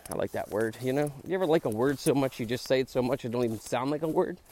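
A man's voice: medium pitch, fast talker, a little mellow. A middle-aged man, a podcast host rambling casually as he walks a park trail. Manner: rambling, chatty, says "dude" and "like" a lot. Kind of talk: casual walk-and-talk monologue.

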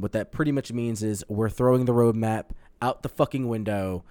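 A man's voice: lowish voice, moderate pace, few pauses, dark tone, no room sound. A man co-hosting a podcast, chatting casually and profanely about gaming news. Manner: profane, rambling, reads headlines aloud. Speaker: podcast co-host.

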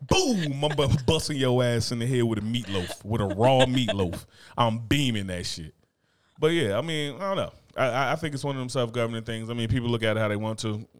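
Profane, animated joking man. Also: medium pitch, brisk. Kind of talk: casual banter.

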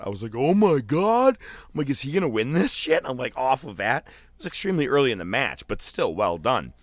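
A man chatting casually as a podcast co-host, telling a loose, profane story full of fillers and jumping into animated quoted voices. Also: no room sound. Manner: animated, jumps into high-pitched quoted voices. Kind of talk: casual chat.

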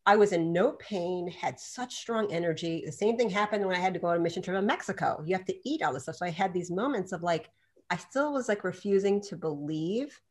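A woman with a somewhat low voice tells a story in a relaxed interview. She acts out the quotes in lively bursts and laughs often as she talks. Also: brisk. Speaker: doctor and podcast guest.

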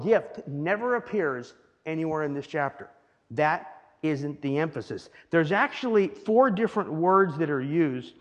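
A man's voice: fairly high pitch, dull audio. A man preaching a teaching sermon in a conversational way, often checking in with the listeners. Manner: conversational, keeps asking "right?". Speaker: pastor. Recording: long hall reverb.

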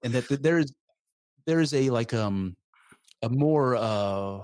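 A man's voice: mid-range voice, animated, unhurried, darkish tone, no echo. Hesitant man, dry sound. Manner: hesitant, searches for words, many fillers. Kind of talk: casual conversation.

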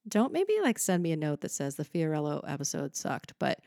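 A woman's voice: low-pitched, big pitch swings, brisk, vocal fry, a little mellow, no room sound, clean studio sound. A woman hosting a solo podcast on musical theatre, chatty and upbeat with lots of fillers and asides. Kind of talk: casual solo podcast talk.

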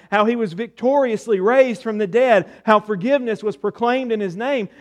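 A man preaching a sermon as pastor, asking rhetorical questions and dropping soft on key words. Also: very high voice.

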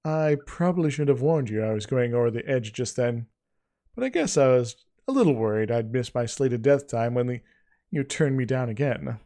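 A man's voice: medium pitch, expressive, moderate pace, mellow, natural voice. A man voicing a casual, teasing young man who talks breezily with stumbling restarts.

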